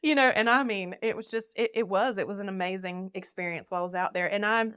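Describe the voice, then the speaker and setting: A woman's voice: mid-range voice, fast, clear, resonant tone, no echo, studio quality. A young woman from North Carolina, a podcast guest telling her life story and acting out the people in it. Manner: animated, laughing often, acting out quoted voices. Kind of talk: casual storytelling.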